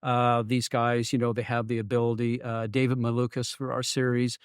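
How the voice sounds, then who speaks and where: A middle-aged man, a former racing driver, chatting casually as a guest and telling lively anecdotes. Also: medium pitch, fairly quick, clean tone, dry recording, studio quality. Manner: animated storyteller, acts out the people in his stories, laughs often. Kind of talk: casual storytelling chat.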